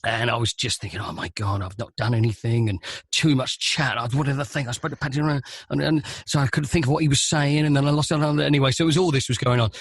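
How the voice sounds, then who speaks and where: A man, a stadium announcer, telling a long anecdote on a podcast in a lively, animated way, acting out the voices in his story. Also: medium pitch, quick pace, dry recording, studio quality.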